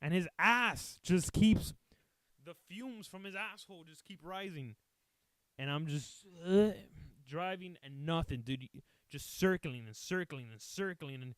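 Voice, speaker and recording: Profane, animated man telling a story. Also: fairly high pitch, unhurried, no echo. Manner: profane, animated, acts out quotes, switches between English and Spanish. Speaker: podcast host telling a story. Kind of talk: casual comic storytelling.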